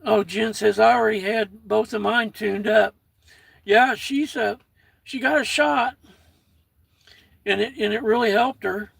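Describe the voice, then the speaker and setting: A man's voice: sits high, fairly even intonation, unhurried, vocal fry, pauses often, breathy edge, no room sound. An older American man with a folksy manner, chatting casually on his own livestream and reading out viewer comments. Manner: folksy, reads out viewer comments, warm toward chat. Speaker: livestream host.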